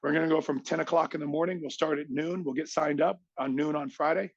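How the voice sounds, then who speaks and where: Gravelly-voiced man telling a fired-up story. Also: on the high side, quick pace, dry recording, highs cut off. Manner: animated, acts out others' lines in quotes. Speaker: podcast guest. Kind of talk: emphatic storytelling, motivational.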